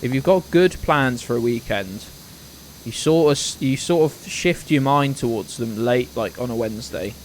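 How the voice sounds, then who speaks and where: A British man in his twenties chats casually on a live game stream, rambling, swearing now and then, and greeting viewers by name. His voice is medium-pitched at a moderate pace, with slight background noise.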